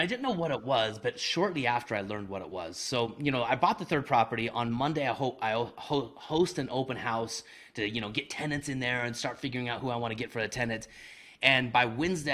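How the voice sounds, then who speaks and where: A man speaking as an interview guest, recounting his own missteps with candid, self-deprecating humor. His delivery is lively and conversational, peppered with casual slang, at a middle pitch for a man. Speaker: guest, real estate investor. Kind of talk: conversational storytelling.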